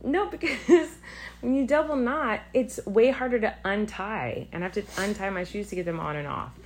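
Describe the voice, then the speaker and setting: A woman's voice: mid-range voice, moderate pace, slight background noise. A woman co-hosting a podcast in casual chat, laughing and teasing. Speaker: podcast co-host.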